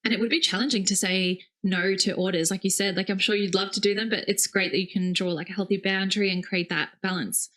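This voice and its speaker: A woman's voice: medium pitch, fairly even intonation, fast talker, few pauses, fairly bright tone. A woman co-hosting a podcast, asking questions in a friendly, enthusiastic way. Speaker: podcast co-host. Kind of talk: conversational podcast interview.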